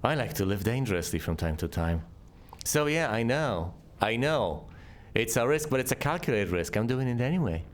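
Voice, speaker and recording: A man's voice: medium pitch, big pitch swings, moderate pace. A man giving sarcastic gameplay commentary and talking back to the enemies on screen. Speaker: let's play host.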